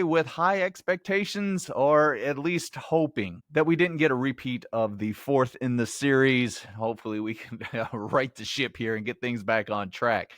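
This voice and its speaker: A chatty man hosts a podcast and reviews a film in a casual, self-deprecating way, laughing often. His voice sits at a medium pitch. The recording is dry and close. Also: a bit bright, dry recording. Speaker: podcast host. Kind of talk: casual movie review monologue. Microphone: headphones, home podcast mic.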